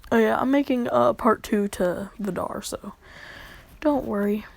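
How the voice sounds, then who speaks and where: A woman's voice: fairly high pitch, a little slow, vocal fry, a little hiss or hum. A woman casually telling a fan story for a video, rambling and filling gaps with asides and "like" and "uh". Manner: rambling, full of fillers and asides.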